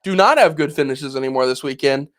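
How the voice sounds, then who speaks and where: This young podcast co-host, in his twenties, speaks fast in a mid-range, slightly bright voice with lively intonation. During a casual chat he tells a story and plays out his own earlier reactions.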